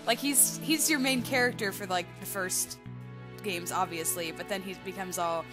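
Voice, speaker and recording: A woman talks casually through a game playthrough, chatty and loose, with many small fillers and asides. Game music plays clearly under her voice. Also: medium pitch, moderate pace. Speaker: let's play host.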